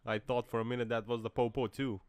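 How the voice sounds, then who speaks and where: A man's voice: mid-range voice, little pitch movement, fast, a little mellow, smooth. A man commenting over dashcam clips with a joking, mocking tone, laughing often and putting on silly voices. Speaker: video commentator.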